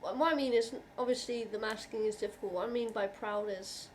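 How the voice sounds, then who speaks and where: A woman vlogger with a fairly high voice speaks straight to her viewers in a heartfelt, reassuring way. She halts and restarts often as she works through her thoughts. Faint room ambience sits behind her. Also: steady tone, a little hiss or hum. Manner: earnest and reassuring, halting with frequent restarts; heartfelt, openly emotional. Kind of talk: personal talk to camera.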